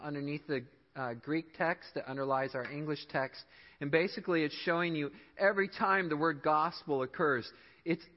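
A man preaching a sermon as a church pastor, emphatic, his voice climbing and dropping to stress his points. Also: on the high side. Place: church sanctuary. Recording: dull sound in a reverberant hall.

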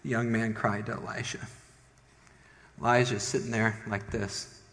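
A man preaching a sermon as a pastor, retelling a Bible story and acting out its characters with lively voices. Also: on the low side, normal speed. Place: church sanctuary. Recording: long hall reverb.

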